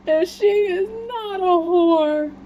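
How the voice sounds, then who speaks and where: A woman putting on the voice of an earnest grown man baring his heart, pitched up high and emotional. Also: takes it slowly, muffled recording, a little hiss or hum.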